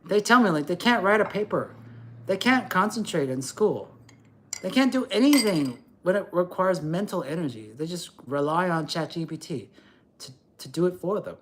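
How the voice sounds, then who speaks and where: A middle-aged man rants on a livestream, lecturing and cursing as he goes. His voice swings widely up and down, with a lively, animated delivery. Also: sits high, normal speed, slight background noise. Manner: ranting, profane, lecturing. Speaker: livestream host. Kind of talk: livestream rant.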